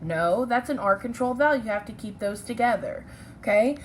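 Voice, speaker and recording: A woman's voice: a little high, lively intonation, a little fast, a little hiss or hum, low-quality recording. A woman teaching a recorded phonics lesson to children. She explains step by step, keeps checking in with "okay?", and corrects her own slips with an apology. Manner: patient, checks in with "okay?" and "right?".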